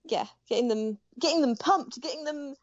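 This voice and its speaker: A woman's voice: high-pitched, normal speed, dry recording. A young woman, an embroidery artist, chatting as an interview guest, laughing often and talking with plenty of fillers and restarts. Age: young adult. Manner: warm, giggly, many fillers and restarts. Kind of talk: casual interview chat. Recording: dull dry home-mic sound.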